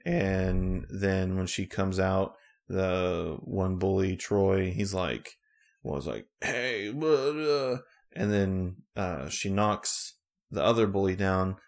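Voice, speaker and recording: This podcast co-host has a low, slow voice with vocal fry. He recaps a show in relaxed, casual chat, rambling along with plenty of fillers.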